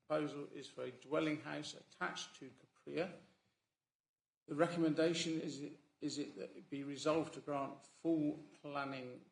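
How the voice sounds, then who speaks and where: A man's voice: on the high side, gravelly. A man chairing a council planning meeting, speaking with fillers and self-corrections at a desk microphone. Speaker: committee chair. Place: council chamber. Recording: echoey council chamber with faint room noise.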